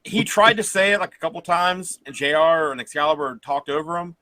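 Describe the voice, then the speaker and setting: A man's voice: a little high, brisk, bright, forceful tone, no room sound. A man co-hosting a podcast, chatting casually about wrestling in a rambling way with frequent laughs. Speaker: podcast co-host. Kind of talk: casual wrestling review chat.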